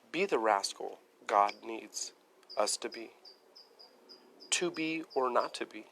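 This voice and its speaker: A man's voice: mid-range voice, animated, measured pace, long pauses, a bit bright, a little hiss or hum. A young man rambling on a casual livestream, part spiritual preaching, part chatting with viewers. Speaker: livestream host.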